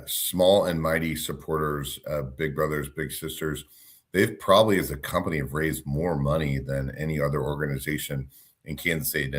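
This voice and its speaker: A man co-hosting a casual chat show, upbeat and rambling. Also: very deep voice. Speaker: co-host.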